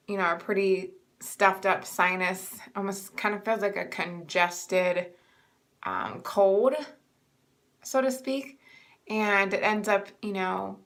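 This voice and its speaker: A young woman talks casually to her viewers in a bright, clear-toned voice. She sounds a little stuffed up and short of breath, and she rambles along with plenty of ums. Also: medium pitch. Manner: chatty, rambling with many ums. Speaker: vlogger sharing pregnancy updates. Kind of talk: casual chat to camera.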